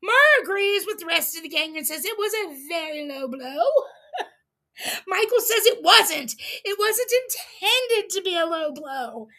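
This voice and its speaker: A woman hosting a casual livestream recap, reading quotes aloud with animated emphasis and laughing often. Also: very high voice, measured pace. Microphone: streaming setup mic.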